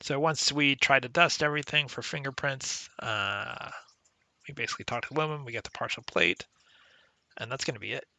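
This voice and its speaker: Bright-voiced man narrating gameplay. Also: medium pitch, fairly quick, no echo. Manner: conversational, explains game mechanics with occasional laughs. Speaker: let's play commentator. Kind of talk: casual gameplay commentary.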